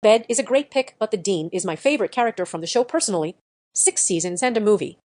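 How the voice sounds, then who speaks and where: A woman reading forum comments aloud in an even, matter-of-fact way. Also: medium pitch, quick pace. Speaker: narrator reading online comments.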